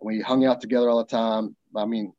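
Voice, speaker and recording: A man, a military veteran, telling a story in casual chat, animated and profane as he acts out the dialogue. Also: lowish voice, brisk, dry recording, lo-fi sound.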